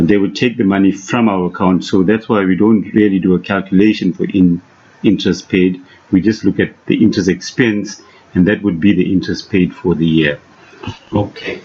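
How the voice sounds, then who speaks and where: A man from South Africa teaching an accounting lesson, patient and emphatic, repeating key points with frequent restarts. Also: lowish voice. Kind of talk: classroom lesson explanation. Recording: dull lo-fi recording with faint noise.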